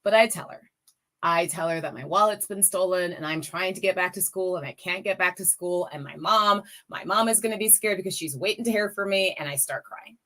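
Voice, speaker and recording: A woman's voice: fairly low pitch, brisk, sharp tone. A woman in her forties, a guest speaker on a campaign call, telling a personal story with emotion and rallying her listeners directly. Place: lives in the US Midwest.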